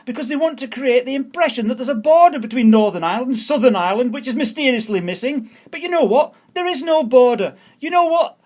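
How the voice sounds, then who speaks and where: A Scottish man with a high voice rants furiously, dropping swear words and repeating his points over and over. He sounds fed up and indignant throughout. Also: expressive, fast, few pauses, darkish tone. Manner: ranting, swearing, repeating phrases. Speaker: vlogger. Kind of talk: angry political rant.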